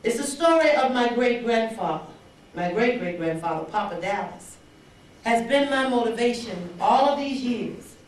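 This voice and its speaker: A woman's voice: on the high side, moderate pace. An older woman, from the Mississippi Delta, giving an inspirational banquet speech and acting out the dialogue in her stories. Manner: animated storyteller who acts out dialogue. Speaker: banquet speaker. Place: large banquet hall. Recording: echoey hall recorded from far off.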